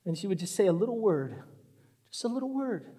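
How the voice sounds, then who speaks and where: A man preaching a sermon in a church sanctuary. He talks with animation and acts out Bible scenes in quick voices. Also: high-pitched, very animated, mellow, breathy edge, long reverb tail.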